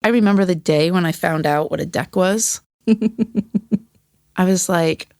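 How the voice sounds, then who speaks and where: A woman's voice: lowish voice, measured pace, darkish tone, clean tone, no echo, clean studio sound. A woman talking as a podcast guest and former teacher, candid and profane, acting out the voices of people she quotes. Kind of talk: casual conversation.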